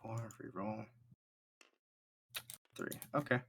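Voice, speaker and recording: A man narrating a tabletop game as game master, describing things quickly with frequent fillers. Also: lowish voice, creaky, a bit bright.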